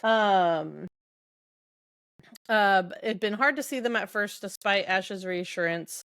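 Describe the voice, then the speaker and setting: A woman's voice: mid-range voice, slow, fairly bright tone, dry recording. A woman hosting a podcast, chatting casually through a book recap and laughing as she summarizes. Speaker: podcast host.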